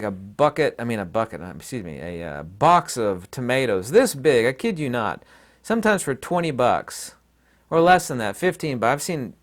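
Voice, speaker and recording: A man hosting his own channel, talking in a rambling, opinionated and folksy casual monologue. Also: mid-range voice. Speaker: channel host.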